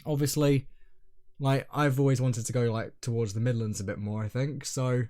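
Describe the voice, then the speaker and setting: A young man chats on a podcast at a middle pitch, wandering through his thoughts. He pauses and restarts often, and his voice sinks quietly at the ends of his points. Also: fairly even intonation. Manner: rambling, hesitant, trailing off quietly. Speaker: podcast co-host. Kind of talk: casual chat.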